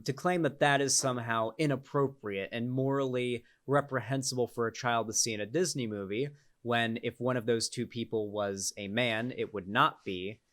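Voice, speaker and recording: A man's voice: medium pitch, a bit bright. Sarcastic male political commentator. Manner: sarcastic, exasperated; rambling with restarts and filler words. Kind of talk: casual commentary.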